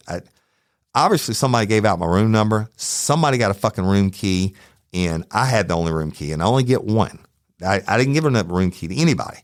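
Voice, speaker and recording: A man's voice: on the low side, no echo, studio quality. A middle-aged man with a Southern Louisiana accent, telling a heated true crime story on his podcast, cursing often and quoting back-and-forth exchanges. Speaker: podcast host.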